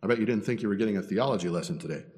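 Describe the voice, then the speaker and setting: A man's voice: lowish voice, very fast, a little mellow. A man preaching a teaching sermon as pastor, posing rhetorical questions and building emphasis. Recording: long reverb in a hall.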